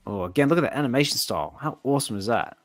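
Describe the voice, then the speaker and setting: A man casually reading a comic aloud and reacting excitedly to the panels as a channel host. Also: mid-range voice, racing, no echo, faint music behind.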